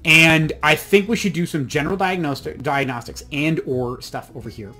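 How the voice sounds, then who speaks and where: Casual let's-play host, man, slightly high voice, self-mocking asides. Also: moderate pace, bright, forceful tone, faint music behind. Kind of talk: casual gameplay commentary.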